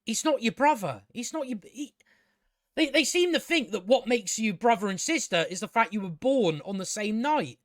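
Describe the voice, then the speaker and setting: With a high pitch and lively intonation, a man at a moderate pace reviews a TV show casually on his own channel, rambling, exasperated and swearing. The studio-quality recording is dry.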